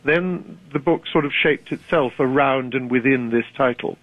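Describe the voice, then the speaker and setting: An older British man in his seventies, talking as an author guest, measured and articulate. His voice comes through a thin, phone-like line with no room sound at all. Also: mid-range voice, no echo. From Britain. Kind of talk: radio interview. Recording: dry tinny phone line.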